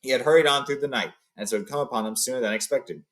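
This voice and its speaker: Brief: a relaxed male reader, mid pitch, casual read-aloud storyteller. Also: fast talker. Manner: loose, with fillers and paraphrasing.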